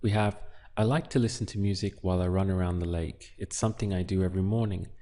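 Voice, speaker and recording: In a relaxed Spanish lesson, a man slowly explains translations one word at a time. His voice is low and dark-toned with fairly even intonation.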